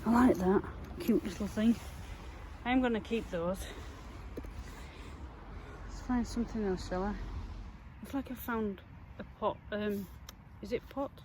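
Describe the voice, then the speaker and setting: A Yorkshire woman chatting to camera out in a muddy field, easily excited by what she finds. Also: mid-range voice, a little slow, noisy background. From England. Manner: chatty, easily excited, talks to herself and viewers. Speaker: metal detecting vlogger. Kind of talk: casual talk to camera while digging.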